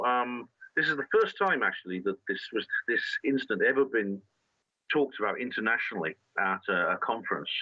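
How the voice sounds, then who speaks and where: A male guest tells his story earnestly, often stumbling and restarting a sentence. His voice sits at a middle pitch. The audio is dull and lo-fi, and it is dry and close, with no room echo. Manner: earnest, halting with frequent restarts. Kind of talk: conversational storytelling.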